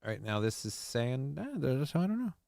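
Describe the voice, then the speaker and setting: A man's voice: mid-range voice, big pitch swings, normal speed, vocal fry, darkish tone, dry recording, clean studio sound. A man hosting a casual livestream, rambling, swearing freely and poking fun at himself while reading chat. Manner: rambling, profane, self-mocking. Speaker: livestream host.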